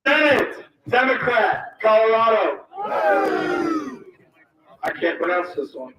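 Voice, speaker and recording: Man reading names to a loud crowd. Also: high-pitched, big pitch swings, slow, very noisy. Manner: emphatic, calls out lines; apologetic about mispronouncing. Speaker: rally speaker. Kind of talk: reading a list aloud to a crowd. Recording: roomy, distant mic, loud crowd.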